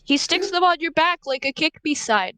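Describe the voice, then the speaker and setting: A woman's voice: sits high, lively intonation, moderate pace, bright, forceful tone, soft background music. A woman playing a tabletop game, making practical suggestions and jokes. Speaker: player. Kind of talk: casual game chat.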